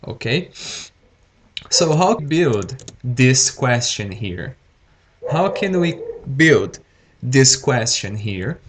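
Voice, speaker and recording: Slow, careful male teacher. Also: mid-range voice, big pitch swings, noisy background. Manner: deliberately slow, repeats words and says okay often. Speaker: English teacher. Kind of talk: live-streamed grammar lesson.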